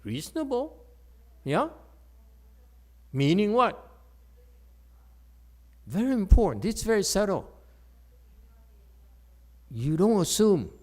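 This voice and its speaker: A man's voice: high-pitched, slow, long pauses. Older male Chan teacher, lecturing loosely, keeps asking okay, bursts of emphasis. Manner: frequent okay tag questions and restarts; animated, voice jumps up when emphatic. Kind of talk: Dharma talk.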